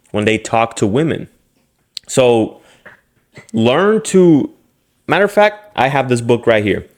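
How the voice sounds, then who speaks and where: A man giving blunt dating advice straight to camera, talking in slang and jumping into mocking impressions of other guys. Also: medium pitch. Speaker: dating coach. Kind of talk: direct-to-camera advice monologue.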